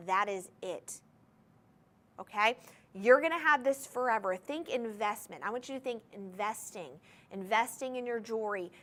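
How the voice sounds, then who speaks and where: A woman's voice: on the high side, fairly bright tone. A woman hosting a live TV shopping show from a studio, selling jewelry in an enthusiastic, gushing way and talking straight to the viewers. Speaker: shopping TV host. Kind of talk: live home-shopping sales pitch.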